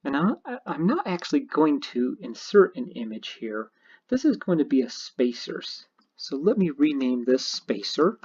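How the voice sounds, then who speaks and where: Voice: mid-range voice, big pitch swings, normal speed, a little mellow, slightly rough. A programming teacher narrating a screencast tutorial, explaining each step methodically. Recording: dull lo-fi screen recording.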